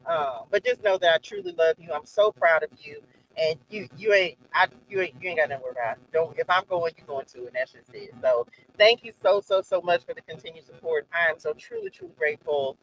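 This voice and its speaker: A man hosts a faith-based live stream in a fairly high voice. His pitch swings widely as he talks. He is effusive and affectionate, repeating phrases as he thanks and reassures his guest. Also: big pitch swings, brisk, fairly bright tone, low-quality recording. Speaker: host.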